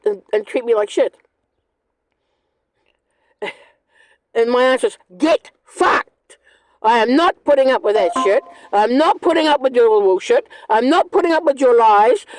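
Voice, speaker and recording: A woman's voice: sits high, darkish tone, no echo, low-quality recording. A woman, ranting angrily and bluntly in a monologue, swearing often. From New Zealand. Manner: angry, blunt, profane. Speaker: vlogger.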